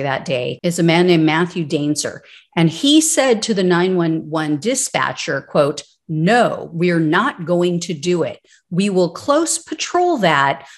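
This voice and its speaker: A woman commenting on political news, reading out court records and breaking into sarcastic, indignant asides. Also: fairly low pitch.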